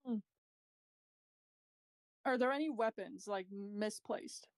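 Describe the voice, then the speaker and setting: A woman playing a tabletop game, hesitant and soft-spoken. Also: medium pitch, slow, no echo. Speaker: player. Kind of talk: casual game chat.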